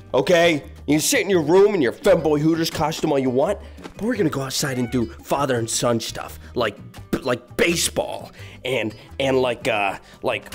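A man improvising a comedic dad role-play while playing a VR game, swinging between coaxing and panicked outbursts. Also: mid-range voice. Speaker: VR game streamer.

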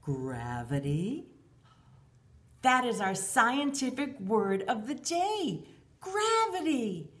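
An expressive woman teacher reads a story and leads a lesson for small children. Her pitch swoops widely in a sing-song way, and she takes her time. She speaks of herself in the third person. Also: slow pace, few pauses, a little hiss or hum. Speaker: preschool teacher. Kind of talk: storybook read-aloud and lesson for young children.

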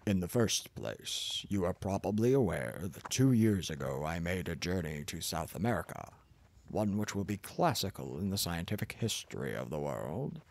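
A man's voice: sits low, slightly rough, no room sound, full character voice. A man voicing a pompous, arrogant older professor who lectures in a condescending manner.

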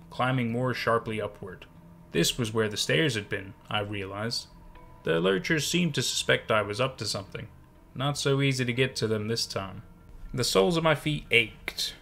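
A man reads a horror story aloud in a measured, hushed voice. His pitch sits in an ordinary male middle range. The delivery is steady and scripted, built for late-night listening. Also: creaky. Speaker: narrator.

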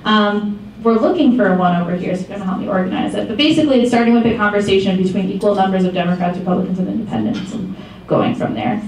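A woman's voice: mid-range voice, quick pace, far from the mic, slight background noise. Young woman talking from across an echoey room. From Michigan. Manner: chatty, animated storytelling with many ums. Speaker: activist speaker. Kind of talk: casual public talk. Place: meeting room.

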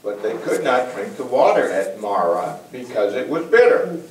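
A man's voice: medium pitch, big pitch swings, moderate pace. Man reading scripture from across an echoey room. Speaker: class member reading scripture. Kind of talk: reading aloud. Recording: echoey room, voice far from mic.

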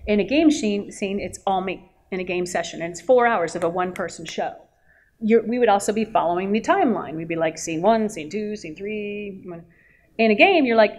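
A woman talks on a convention panel about her voice work. She tells her stories with a lot of life, jumps into little acted-out quotes and laughs often. Her pitch sits in the middle for a woman. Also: a little mellow. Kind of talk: animated storytelling on a panel. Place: convention hall.

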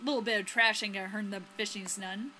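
A woman voicing a gruff, blunt older male fisherman in a video game, with folksy sailor talk. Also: mid-range voice, steady tone, fast, sharp tone, slight background noise, close to an everyday voice.

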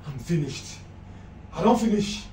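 A man's voice: a little high, expressive, a little slow. A man with a Nigerian accent playing a broke man who stammers as he pleads with a friend. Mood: pleading. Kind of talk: comedy skit acting. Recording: echoey room, far-off mic, background noise.

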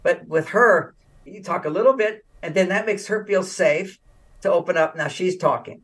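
An older American man, a relationship author appearing as an interview guest, speaks at normal speed in a high-pitched voice, slightly distant from the mic. The talk is casual storytelling; he's animated, laughs often, and acts out quoted dialogue.

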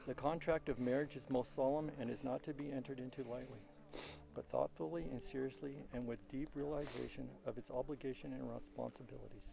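A middle-aged man, father of the bride, officiating a wedding in a solemn, measured, formal way. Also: mid-range voice, steady tone, gravelly, rough recording. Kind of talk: formal wedding ceremony address.

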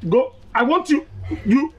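An actor playing a boisterous, proud middle-aged father with a Nigerian accent, loud and laughing. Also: extremely high pitch, expressive, measured pace, a crowd in the background. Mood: jubilant.

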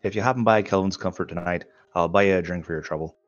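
A man doing a deep-voiced dwarf with a mock Scottish accent. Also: quick pace, dry recording, muffled recording, soft background music, close to an everyday voice. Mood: polite, dry. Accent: put-on Scottish-style. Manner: old-fashioned speech with aye and mayhap.

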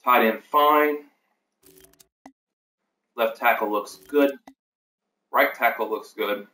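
A man's voice: mid-range voice, slow, sharp tone, distant mic. A man hosting a casual livestream, rambling through team lineups with many fillers and self-corrections. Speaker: league host reviewing team depth charts. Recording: echoey room, voice off the mic.

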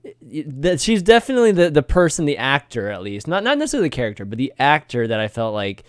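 Hesitant man with a lively voice. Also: on the high side, quick pace, no echo, studio quality. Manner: hesitant, restarts often, agreeable. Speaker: podcast co-host. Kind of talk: casual chat.

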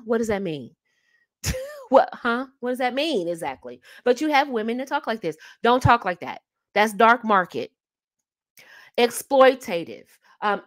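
A woman hosting a casual advice talk on dating, emphatic and fond of repeating her key phrases with rhetorical asides. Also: a little high. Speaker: host giving dating advice.

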